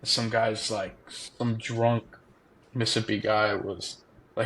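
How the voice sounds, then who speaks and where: A young man, a former college ballplayer, telling stories as a podcast guest in a casual, animated way, laughing often and acting out quotes. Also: on the low side, slow pace, slightly rough. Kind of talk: casual storytelling.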